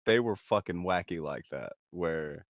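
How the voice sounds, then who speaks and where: Deep-voiced man, laid-back podcast host. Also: lively intonation, a little slow, gravelly, no echo, clean studio sound. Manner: laid-back, reacting with laughs and questions. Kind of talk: casual chat.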